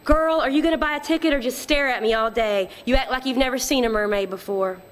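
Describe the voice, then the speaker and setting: A woman's voice: sits high, fast, lightly acted. A woman reading the lines of a weary adult mother who works as a boardwalk mermaid, in a dry, mildly scolding way.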